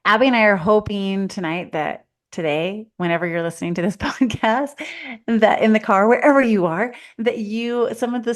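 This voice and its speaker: A woman who is a life coach and co-host, giving earnest advice to parents in a casual chat. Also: on the low side. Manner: earnest, coaching, thinks aloud. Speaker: mother of teens.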